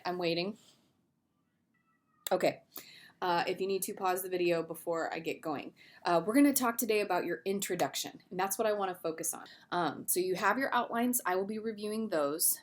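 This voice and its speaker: A middle-aged woman, an English teacher, giving a recorded video lesson in a casual, conversational way with fillers and asides. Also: lowish voice.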